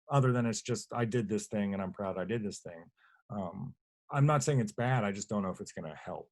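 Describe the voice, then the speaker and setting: A man, a guest artist on a webinar video call, answering questions in a rambling, plainspoken way and often correcting himself mid-sentence. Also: medium pitch. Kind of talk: webinar talk.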